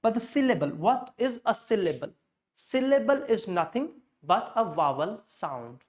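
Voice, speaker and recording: A man with an Indian English accent teaches English pronunciation from slides, explaining step by step and repeating words to show where the stress falls, sometimes slipping into Hindi. His voice is high-pitched and sing-song at a normal pace.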